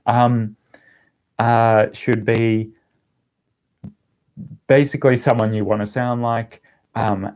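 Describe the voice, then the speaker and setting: A young man casually chatting on a livestream and answering viewer questions, rambling with lots of ums. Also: on the low side. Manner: relaxed, rambling, with frequent ums and laughs. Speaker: language-learning YouTuber answering live chat.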